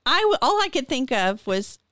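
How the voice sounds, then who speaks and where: A woman's voice: sits high, very animated, a bit bright, dry recording, clean studio sound. A woman co-hosting a casual chat show, teasing her friend and laughing easily. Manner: teasing, quick to laugh, lots of short replies. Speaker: podcast co-host.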